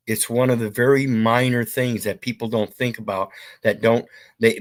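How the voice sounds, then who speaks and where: Low-voiced blunt man ranting. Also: no room sound. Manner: preachy, blunt, profane. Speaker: commentary host. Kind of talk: opinionated commentary.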